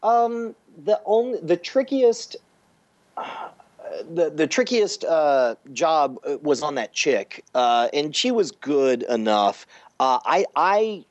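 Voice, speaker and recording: A man co-hosting a casual talk show, halting and hesitant with many fillers. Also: fairly high pitch, lively intonation, no echo. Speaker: podcast co-host. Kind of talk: casual chat. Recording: dull, dry lo-fi audio.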